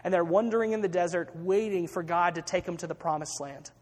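A man's voice: high-pitched, brisk, big-room sound. A man preaching a sermon, retelling a story with acted-out quotes and frequent restarts.

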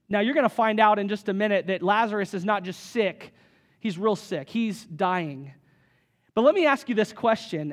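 A man with a high voice preaches to a church congregation. He keeps it casual and plain-spoken, with rhetorical questions and an easy bit of humor. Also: normal speed. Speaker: pastor. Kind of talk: sermon.

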